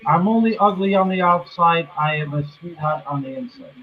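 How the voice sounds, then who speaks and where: Man, blunt and teasing, slightly high voice, dull lo-fi video call audio, dogs barking at home. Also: fairly quick, a little hiss or hum. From northeastern United States. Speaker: guest on a live stream. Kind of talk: casual group chat.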